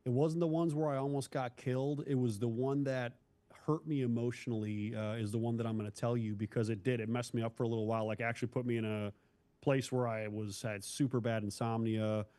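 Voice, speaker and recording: A man's voice: medium pitch, steady tone, a little fast, dark tone. A man from Northeast Ohio, a former police officer, telling a hard story from his career in a candid, blunt, casual way as an interview guest. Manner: candid, blunt, calls the host bro.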